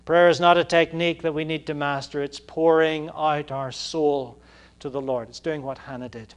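Brief: male pastor, slightly high voice, chatty sermon delivery that swells into fervent stretches. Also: fairly even intonation, normal speed, clear, resonant tone. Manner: conversational, full of fillers, rising to passionate emphasis.

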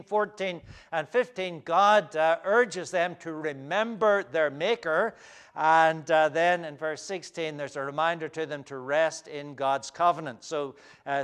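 Pastor, male, sermon delivery, slightly high and smooth voice, measured with frequent fillers. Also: a bit bright.

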